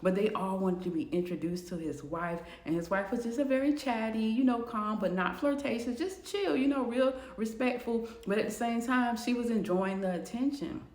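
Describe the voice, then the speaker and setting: A woman narrating a storytime video in a casual, animated way. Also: a little high, normal speed, hardly any pauses. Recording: roomy echo.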